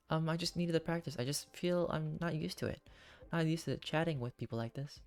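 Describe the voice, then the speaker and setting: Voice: mid-range voice, a little fast, a little mellow, faint music behind. A streamer casually chatting through a story game and poking fun at themselves while reading along. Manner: chatty, self-mocking, reads game text aloud with laughs. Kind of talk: casual gameplay commentary.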